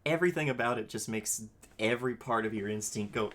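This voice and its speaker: A game master narrating a tabletop game in an animated way, laughing often. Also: mid-range voice, fast talker.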